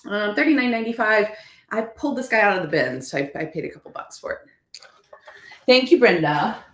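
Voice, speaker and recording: A woman's voice: medium pitch, very animated, fast, a bit bright, echoey room. A woman chatting casually and upbeat to viewers about her thrift finds. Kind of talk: casual haul vlog.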